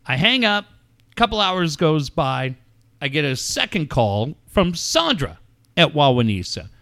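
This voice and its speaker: A middle-aged male radio host telling a story in an animated, swooping voice that runs high for a man. His tone is bright and sharp as he acts out each phone call with quoted voices. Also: normal speed. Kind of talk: casual storytelling on air.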